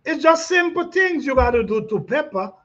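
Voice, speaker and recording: A man hosting a gardening chat, reading out comments in a relaxed way, repeating himself and laughing often. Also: extremely high pitch, moderate pace. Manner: laid-back, repeats phrases, laughs often. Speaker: gardening channel host. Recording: dull lo-fi sound.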